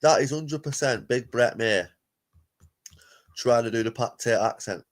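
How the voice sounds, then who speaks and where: A man's voice: medium pitch, unhurried. A man hosting a live reaction stream, talking bluntly and casually, swearing freely.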